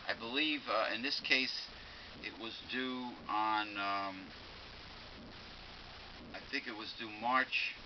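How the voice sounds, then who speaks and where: A man's voice: on the low side, takes it slowly, long pauses. Male host, indignant ranter, stops and restarts, lo-fi dull recording with faint hiss. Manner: ranting, indignant, with many restarts. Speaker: show host. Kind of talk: casual talk-show chat.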